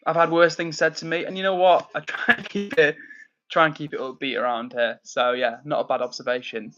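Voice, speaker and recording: A man, from near Manchester, hosting a casual livestream from indoors at home. He reads out chat messages and answers them in a friendly, upbeat way, with plenty of fillers and shout-outs. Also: on the high side, fairly even intonation, brisk, muffled recording, slight background noise. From England, near Manchester. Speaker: livestream host reading chat.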